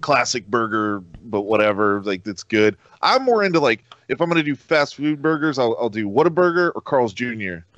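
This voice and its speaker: A man's voice: mid-range voice, sing-song, moderate pace, hardly any pauses, a bit bright, dry recording, dull audio. A man appearing as a guest, another podcast's host, chatting casually in an offhand way. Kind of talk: casual chat.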